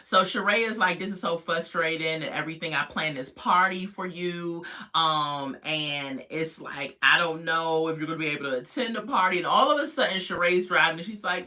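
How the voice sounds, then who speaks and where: A woman's voice: on the low side, expressive, normal speed, bright, forceful tone. A woman casually recapping a reality TV episode, chatty and sassy with lots of asides.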